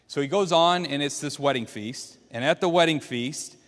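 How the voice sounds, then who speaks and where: A man's voice: a little high, moderate pace, fairly bright tone. A man teaching a church Bible class, retelling a story and putting questions to the class. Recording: long hall reverb.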